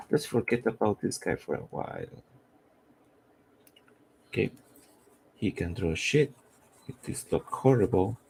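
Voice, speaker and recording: Slow, gravelly man musing while drawing. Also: on the low side, a little mellow. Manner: thinking aloud, halting and rambling while drawing. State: losing his voice. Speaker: comic artist. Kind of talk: live drawing stream commentary.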